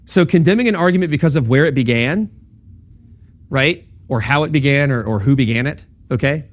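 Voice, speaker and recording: With a medium-pitched, animated voice and a fairly quick pace, a young campus ministry speaker teaches logic. His classroom lecture is casual and conversational, dotted with ums and okays as he checks in with his audience.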